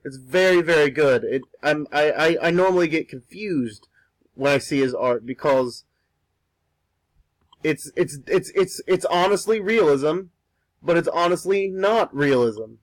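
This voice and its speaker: A young man with a voice on the higher side chats casually while he draws. He rambles, stumbles over repeated words and swears offhandedly. The sound is dry and close, with no room around it. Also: animated, unhurried, no echo, low-quality recording. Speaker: art streamer. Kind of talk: casual talk while drawing.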